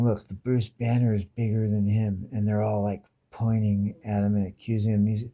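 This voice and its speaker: Mellow-voiced man riffing on comics. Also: fairly low pitch, flat delivery, normal speed, hardly any pauses. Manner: profane, slangy, incredulous riffing. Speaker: comic book reviewer. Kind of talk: casual comic commentary.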